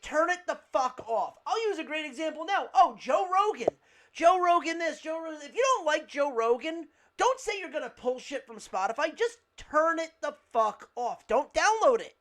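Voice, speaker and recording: A man co-hosting a casual podcast, ranting heatedly and swearing a lot. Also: very high voice. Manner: loud, heated, swears constantly. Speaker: podcast co-host. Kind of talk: casual profane rant.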